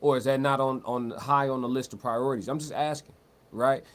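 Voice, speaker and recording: A man's voice: mid-range voice, steady tone, fairly quick. Slangy male livestream commentator, talks loose. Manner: loose, conversational, repeats words and restarts, slangy. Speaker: livestream host. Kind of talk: live-stream commentary, reading chat.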